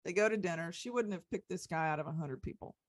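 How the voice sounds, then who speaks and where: A woman's voice: fairly low pitch, quick pace, dry recording. A woman hosting a casual podcast chat, rambling with lots of "you know" and "um.". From Texas. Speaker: host.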